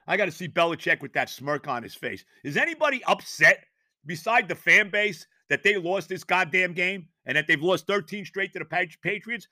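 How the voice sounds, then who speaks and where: A middle-aged man rants on his sports podcast, furious and foul-mouthed. His voice sits a bit high and comes across sharp and tense. The sound is close and dry. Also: no echo. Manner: fuming, profane, exasperated. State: worked up. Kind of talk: angry sports rant.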